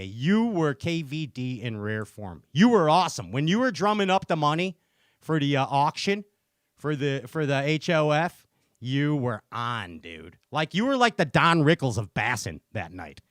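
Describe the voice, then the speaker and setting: A man's voice: mid-range voice, sing-song, moderate pace, fairly bright tone, no room sound, studio quality. A man hosting a casual podcast interview, telling stories animatedly and laughing often. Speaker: podcast host.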